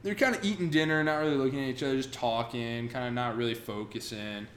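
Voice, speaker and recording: A man casually recapping a comic book with friends, acting out characters in quick bursts. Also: mid-range voice. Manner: animated retelling, acts out characters in quick bursts. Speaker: podcast co-host recapping a comic. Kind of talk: casual chat. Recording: roomy sound with faint noise.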